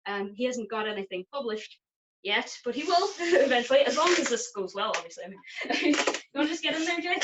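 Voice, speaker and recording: A woman's voice: a little high, expressive, fairly quick, background noise. Giggly woman doing magic on a video call. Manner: giggly, chatty. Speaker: magician performing. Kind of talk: casual live magic act on a video call.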